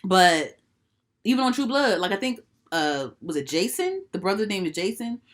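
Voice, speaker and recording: A woman's voice: medium pitch, big pitch swings, normal speed. A young woman co-hosting a casual podcast, talking in a slangy, laid-back way and often answering with mm-hmm. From DMV area, US. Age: young adult. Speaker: podcast co-host. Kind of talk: casual chat.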